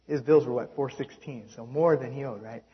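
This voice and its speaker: A man preaching a sermon, telling a story in an animated way and reading quotes aloud. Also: mid-range voice, a little fast. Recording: dull lo-fi recording.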